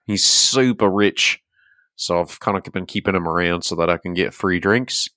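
A man's voice: low-pitched, moderate pace, sharp tone, dry recording, clean studio sound. A man playing his character in a tabletop game, blunt and wry. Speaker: player.

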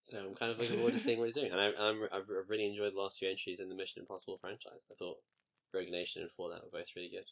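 Man, casual co-host, lowish voice, measured and wry, muffled lo-fi audio. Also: level tone, a bit bright. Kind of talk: casual chat.

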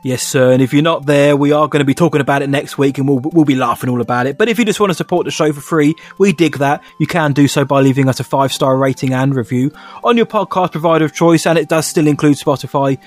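A man's voice: fairly high pitch, quick pace, faint music behind. A man co-hosting a casual podcast, quizzing his co-host in a playful, teasing way. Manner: playful, teasing, laughs often.

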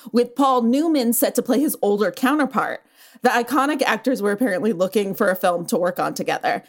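A woman hosts an entertainment news chat with a slightly raised voice. She recaps stories in a breezy, chatty way and laughs often. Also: on the high side. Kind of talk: casual chat.

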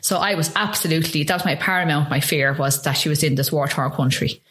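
A middle-aged woman with an Irish accent speaks in a low voice. She tells her story haltingly, with many ums and restarts, as a guest in an interview. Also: fairly bright tone. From Ireland. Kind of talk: emotional personal testimony.

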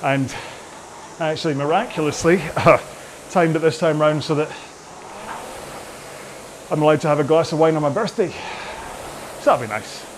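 A man's voice: on the high side, moderate pace, long pauses, a little hiss or hum. A man coaching an indoor rowing workout while rowing, chatty and rambling, often mocking himself.

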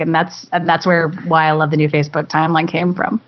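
A woman's voice: on the low side, highs cut off. A woman, a guest actress, chatting cheerfully in an interview and babbling on in a bubbly, self-mocking way. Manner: cheerful, babbling, quick to laugh. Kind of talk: casual interview chat.

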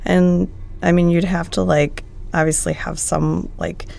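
A woman's voice: fairly low pitch, level tone, unhurried, vocal fry, mellow, a little hiss or hum. A woman co-hosting a podcast, chatting casually in a playful, jokey, rambling way. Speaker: podcast co-host. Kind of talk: casual chat.

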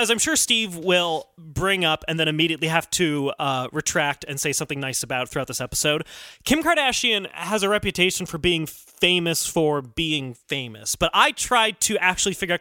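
A young man hosting a casual comedy podcast, teasing his co-hosts in a playful, animated way. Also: on the high side, a little fast, dry recording, clean studio sound. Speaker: podcast host.

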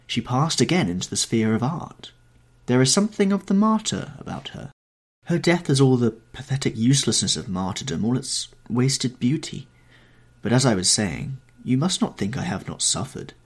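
A man's voice: mid-range voice, breathy edge. A man reading the part of a vain, callous young aesthete who talks in an airy, dismissive way. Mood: languid.

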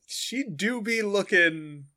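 A man's voice: sits high, lively intonation, takes it slowly, bright, forceful tone. A man co-hosting a podcast, describing a scene in loose, filler-heavy chat. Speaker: podcast co-host. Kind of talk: casual recap chat.

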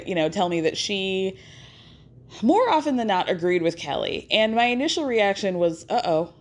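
Chatty woman recapping with wry asides. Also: fairly low pitch. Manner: chatty, wry, acts out quotes in quick impressions. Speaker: podcast host recapping a reality show. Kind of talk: casual recap storytelling.

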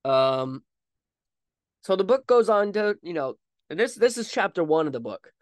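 A male podcast host with a fairly high voice tells a history story in a loose, conversational way, full of asides and "you know"s. He is recorded close on a microphone, and the sound is dry with no room around it. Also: very animated, normal speed, no echo. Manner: chatty, with frequent asides and fillers. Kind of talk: casual storytelling about history.

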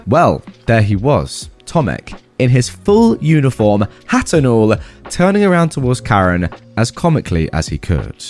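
A man narrating a story and chipping in with animated, chatty commentary. His pitch moves around a lot and sits mid-range. Soft music runs faintly behind him. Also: moderate pace.

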